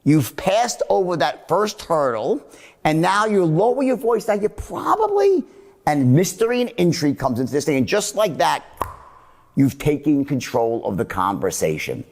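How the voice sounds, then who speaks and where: A man teaches a sales seminar in a swinging, fairly high voice, blunt and a little profane as he demonstrates different tones. His talk rings out with a long, hall-like reverb. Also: sing-song, normal speed, creaky, darkish tone. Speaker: sales trainer.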